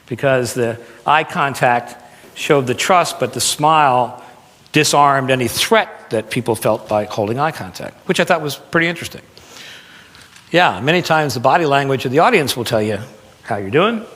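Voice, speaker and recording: A man of middle pitch leads a live seminar on public speaking. He talks in a loose, animated way, leaning on words for emphasis. His voice carries a long reverb from a big hall. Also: normal speed. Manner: animated, conversational, demonstrates with emphasis. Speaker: presentation skills coach.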